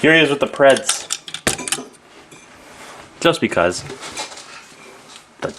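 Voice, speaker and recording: A man's voice: mid-range voice, lively intonation, slow, background noise. A man giving a casual, rambling toy review, often correcting himself mid-sentence. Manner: rambling, self-correcting, offhand.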